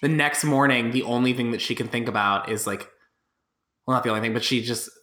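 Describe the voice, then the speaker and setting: Bright-voiced man in a roomy echo. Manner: drawn-out, wry, trails off into low asides. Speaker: podcast co-host. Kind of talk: casual film-discussion chat.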